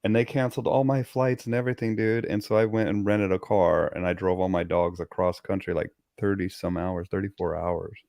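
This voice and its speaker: A man hosting a casual dog-training talk, telling stories in an animated way and swearing casually. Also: low-pitched, a little fast, creaky, few pauses, no echo, clean studio sound. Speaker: host. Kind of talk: casual chat.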